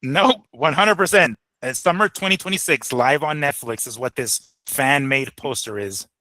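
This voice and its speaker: A man co-hosting a boxing talk show, relaxed, reading the news aloud in casual chat. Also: medium pitch, normal speed, no echo, poor audio. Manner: relaxed, reads news aloud, laughs easily.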